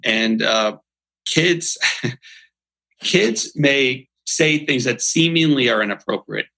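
A man talks with a bright, forward edge and a husky grain. He speaks as a guest on an inspirational podcast, earnest and emphatic, pressing each point home like a preacher. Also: medium pitch, expressive, slow, poor audio. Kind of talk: motivational interview talk.

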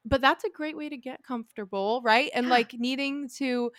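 Chatty young woman, bright higher voice. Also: moderate pace, no echo, clean studio sound. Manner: chatty, heavy use of "like" fillers. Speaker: podcast co-host. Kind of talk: casual chat.

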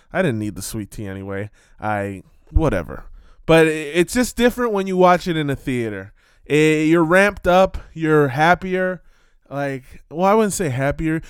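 Man, vlogger rant, smooth clear voice, dry close sound, loud outbursts. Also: mid-range voice, dry recording. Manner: animated, swearing, jumps between topics with loud outbursts. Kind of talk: casual ranting commentary.

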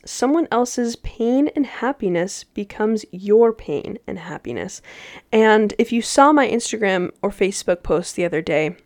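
Young woman chatting on her own podcast, slangy, upbeat, mid pitch, dry mic. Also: no echo. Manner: chatty, slangy, animated with laughs. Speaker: podcast host. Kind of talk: casual solo podcast chat.

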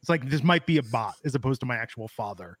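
A man's voice: medium pitch, lively intonation, quick pace, fairly bright tone, dry recording. A man co-hosting a casual wrestling podcast, rambling with lots of fillers and wry jokes. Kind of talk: casual chat.

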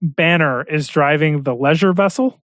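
A man chatting casually about a movie, excitable, quoting lines in funny voices. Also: on the high side, moderate pace, dry recording, clean studio sound.

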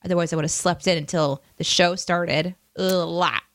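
A woman's voice: lowish voice, fairly even intonation, moderate pace, no room sound, studio quality. A woman co-hosting a casual livestream chat, laughing easily and reading out comments from the chat. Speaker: podcast co-host.

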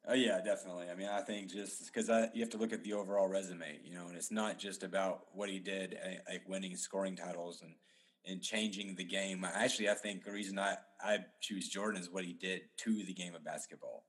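Man, fairly low voice, podcast guest, casual sports chat, rambling, lots of restarts. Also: steady tone, brisk, a bit bright. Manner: rambling, many restarts and fillers.

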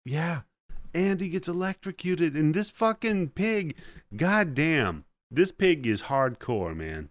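A man's voice: a little high, sing-song, slow pace, no room sound. A man hosting a podcast, casually recapping a movie scene by scene with lots of swearing and laughter. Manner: profane, laughing, play-by-play retelling. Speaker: podcast host.

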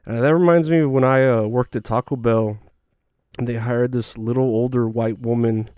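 Crude rambling man, smooth dry voice. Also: medium pitch, fairly even intonation, moderate pace, a little mellow, no echo. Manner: crude, self-deprecating, rambling storytelling. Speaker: podcast host. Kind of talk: rambling comedic monologue.

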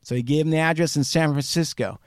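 A man hosting a podcast, telling a true crime story casually and acting out the quotes with sudden jumps in pitch and some swearing. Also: quick pace, no echo, clean studio sound. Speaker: podcast host.

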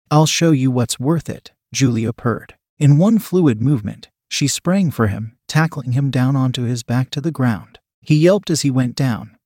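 A man narrating a work of fiction aloud in a steady, descriptive storytelling manner. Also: mid-range voice, no room sound, studio quality.

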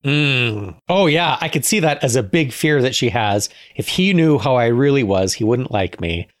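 Speaking at normal speed in an expressive, medium-pitched voice, a man co-hosting a podcast banters casually, pitching ideas and cracking jokes in a playful way.

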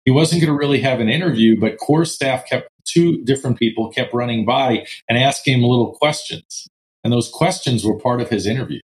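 Male guest, business owner, relaxed storyteller. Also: mid-range voice, a little fast, rough recording. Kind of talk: casual interview chat.

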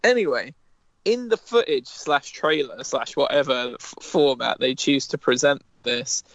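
A man's voice: mid-range voice, a little slow, gravelly, fairly bright tone, no echo, muffled recording. A man co-hosting a casual gaming podcast, joking and swearing through his predictions. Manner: joking, swears, slips into mock Cockney bits. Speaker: podcast co-host.

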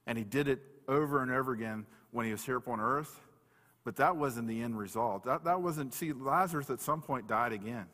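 A pastor giving a conversational sermon and reading scripture aloud slowly, with plain restarts as he talks. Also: medium pitch, pushed and bright. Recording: long reverb of a hall.

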